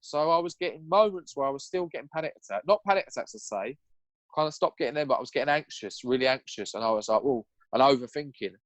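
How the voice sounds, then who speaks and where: A young man speaks candidly and earnestly as a podcast guest, his talk raw and peppered with swearing. His voice sits at an ordinary middle pitch. The recording is close and dry, with no room sound. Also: expressive, fast, dry recording. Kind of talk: candid personal storytelling.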